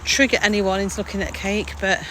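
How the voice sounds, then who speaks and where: A woman's voice: mid-range voice, a little fast, noisy background. Chatty woman vlogging outdoors. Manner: chatty, rambling. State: out of breath at times. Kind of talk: casual daily vlog. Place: outdoors walking, sometimes at home.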